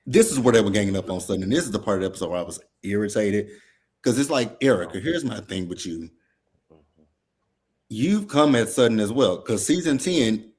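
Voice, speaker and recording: A man's voice: medium pitch, darkish tone, slightly rough. A man co-hosting a casual recap chat, blunt, profane and worked up as he talks. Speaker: podcast co-host.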